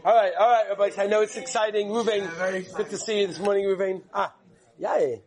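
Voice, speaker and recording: A rabbi with a high-pitched voice talks fast in a steady tone while giving a live class. He tells rambling stories and jokes with the room, and the crowd murmurs and laughs in the background.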